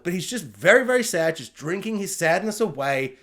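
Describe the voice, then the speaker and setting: A film reviewer talking through a movie in a casual, chatty way, full of asides and fillers, now and then acting out characters in quick mock voices. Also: medium pitch.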